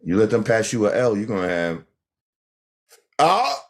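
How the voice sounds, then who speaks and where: A brash man ranting casually on a livestream. His pitch swings widely as he talks. He uses lots of slang and breaks into laughs often. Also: huge pitch swings, normal speed. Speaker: livestream host.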